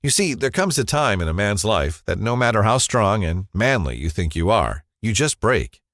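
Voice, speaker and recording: A man with a low voice narrates a scripted first-person ad story in a dramatic, confessional way. His pitch moves expressively up and down, and the voice sounds close and dry with no room around it. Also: sing-song, normal speed, a bit bright, no room sound.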